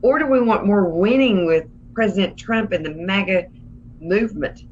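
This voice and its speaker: A woman's voice: mid-range voice, normal speed, slight background noise. A woman co-hosting a political livestream, talking in a sarcastic, emphatic, folksy way. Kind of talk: casual political commentary. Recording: dull lo-fi stream audio.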